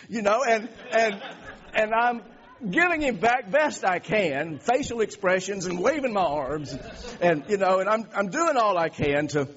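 A male preacher telling a story in a sermon, animated, stumbling over restarts and laughing along the way. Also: on the high side, husky. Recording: dull lo-fi recording.

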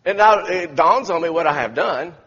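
A man's voice: a little high, lively intonation, moderate pace, fairly bright tone, breathy edge. A man preaching a sermon in a church sanctuary, telling folksy stories with many restarts. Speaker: pastor. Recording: echoey church hall, dull lo-fi sound.

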